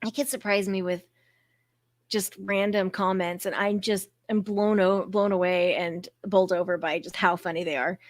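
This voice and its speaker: A woman's voice: mid-range voice, moderate pace, no echo. Middle-aged woman host, salty and joking, dry close mic. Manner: profane, joking, deadpan bits. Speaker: podcast host. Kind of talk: casual chat.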